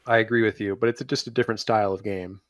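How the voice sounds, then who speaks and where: A man's voice: lowish voice, fairly even intonation, racing, no room sound, clean studio sound. A man co-hosting a podcast in casual chat, blunt and jokey in his opinions. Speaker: podcast co-host.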